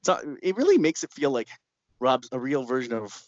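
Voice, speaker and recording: A man's voice: mid-range voice, normal speed, no echo. A man tells a story in an interview, laughing as he goes and slipping into other people's voices. The recording is muffled and lo-fi, with a dry, close sound. He talks like a filmmaker recounting a shoot. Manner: lively storyteller who laughs often and acts out quotes. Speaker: documentary filmmaker. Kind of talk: interview anecdote. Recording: dull, lo-fi sound.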